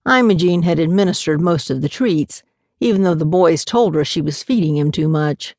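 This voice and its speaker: A woman narrating an audiobook in an even, measured storytelling manner. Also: lowish voice, no room sound, studio quality. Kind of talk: scripted narration.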